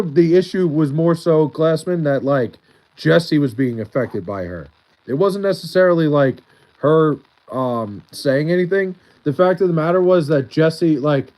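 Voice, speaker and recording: A man's voice: fairly high pitch, animated, normal speed, mellow, low-quality recording. Brief: male streamer, Long Island accent, loose rambling chat with lots of filler and restarts. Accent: Long Island New York. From Long Island, New York. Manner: rambling, heavy use of "like" and restarts. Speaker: livestreamer. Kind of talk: casual livestream chat, reading chat aloud.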